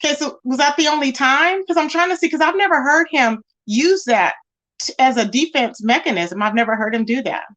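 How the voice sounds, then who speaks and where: Woman livestream host, high voice, chatty and emphatic, reads comments and greets viewers. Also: a little fast, a bit bright. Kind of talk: casual livestream chat.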